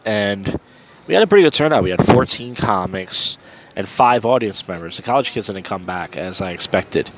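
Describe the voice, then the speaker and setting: Out on a city street at night, a man hosts his own podcast solo, casually rambling about his week with fillers and swearing as he walks. His voice is fairly low, and there's a slight hiss or hum in the audio.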